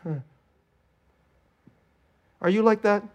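Guy pastor preaching, higher voice, gets really animated and acts stuff out. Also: moderate pace. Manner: animated, acts out scared and joyful voices, laughs often. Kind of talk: sermon.

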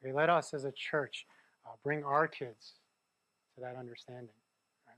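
A man's voice: mid-range voice, fairly even intonation, normal speed, long pauses, fairly bright tone, dry recording. A man preaching a sermon in a conversational way, often checking in with the listeners. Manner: conversational, keeps asking "right?". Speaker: pastor.

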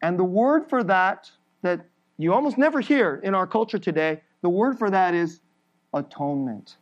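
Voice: medium pitch, animated, normal speed, dull audio. A preacher giving an emphatic sermon, building through repeated phrases and laughing briefly between points.

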